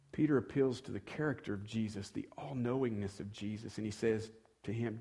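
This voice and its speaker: A man's voice: fairly low pitch, fairly even intonation, a little fast, warm tone, slightly rough. A male pastor giving a sermon in a conversational tone, acting out quoted dialogue and building to moments of emphasis.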